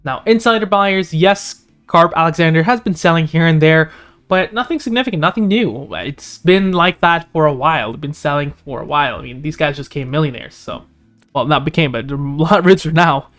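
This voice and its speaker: A man hosting a stock analysis channel, walking through chart indicators and price levels, his voice going hoarse. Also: a bit bright. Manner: rapid figures and indicator names, pitch jumping up on key points. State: losing his voice. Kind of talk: screen-share chart walkthrough.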